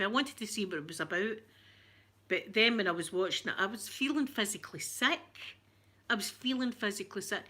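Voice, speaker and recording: Bright-voiced woman, chatty and emotional. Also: medium pitch. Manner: chatty, emotional, open about feelings. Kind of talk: casual chat answering viewers.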